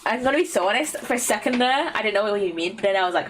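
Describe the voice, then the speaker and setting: A woman's voice: medium pitch, lively intonation, very fast, hardly any pauses, a little hiss or hum, rough recording. A British woman streamer giving casual, chatty let's-play commentary, often giggling.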